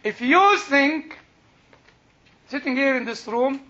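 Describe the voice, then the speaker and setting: An older man with an Egyptian accent takes it slowly in a very high-pitched, sharp, animated voice while teaching a Bible class. His sermon is told as chatty stories with frequent laughter and restarts, recorded in dull lo-fi quality.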